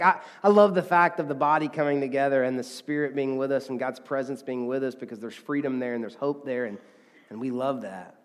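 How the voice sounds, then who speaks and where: A man's voice: medium pitch, long reverb tail. A man preaching a sermon as a pastor, earnest and conversational, often restarting and acting out quotes.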